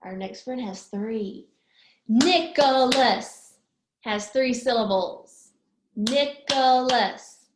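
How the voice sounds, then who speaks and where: A woman teaching young children a lesson, slowly stretching words out syllable by syllable. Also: mid-range voice, steady tone, reverberant, noisy background. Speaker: preschool teacher.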